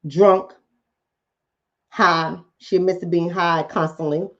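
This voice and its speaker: A woman's voice: on the low side, steady tone, takes it slowly, muffled recording. A woman vlogger, talking emphatically and preachily straight to her viewers in a casual commentary monologue.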